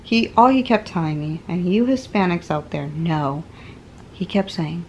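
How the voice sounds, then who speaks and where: A woman with a low, gravelly voice chats frankly to camera from her bed at home. She is sore after a medical procedure and tells the story with animation. Faint noise sits behind her. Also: measured pace. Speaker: vlogger. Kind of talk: casual chat to camera.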